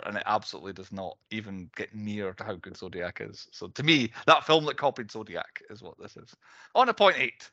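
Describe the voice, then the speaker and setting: A man's voice: on the low side, animated, brisk, pushed and bright, no echo, highs cut off. A man co-hosting a casual film podcast over a video call, talking animatedly and acting out lines in mock voices. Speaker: podcast co-host. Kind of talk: casual chat.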